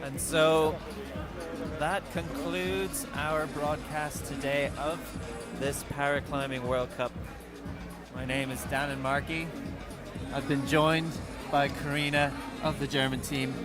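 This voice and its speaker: A man giving live commentary at a climbing competition, building excitement as the climb goes on. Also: a little high, slow. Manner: rises and speeds up excitedly during climbs. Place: outdoor climbing event. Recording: loud music and crowd behind.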